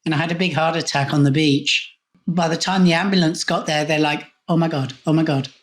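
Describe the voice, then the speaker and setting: A man's voice: fairly high pitch, fairly quick. A male coach, a guest on an interview show, telling a candid personal story and voicing his own past thoughts aloud. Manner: animated retelling with quoted inner thoughts.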